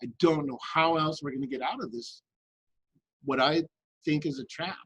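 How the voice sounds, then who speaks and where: A man talking earnestly and with passion in a group discussion, with halting restarts. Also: a little high, a bit bright, breathy edge, no room sound, poor audio. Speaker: guest in a remote viewing discussion.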